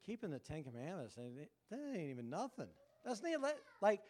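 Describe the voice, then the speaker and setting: A man's voice: on the high side, sing-song, moderate pace, darkish tone. A man preaching a casual, joking sermon, often checking in with the listeners. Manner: conversational, joking, asks the crowd "right?". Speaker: pastor.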